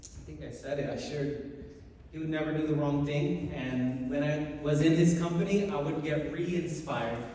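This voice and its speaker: A man's voice: on the high side, moderate pace, mellow, a little hiss or hum. A man reminiscing casually at a memorial gathering, with chatty, joking asides. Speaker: memorial speaker. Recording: echoey hall from far off.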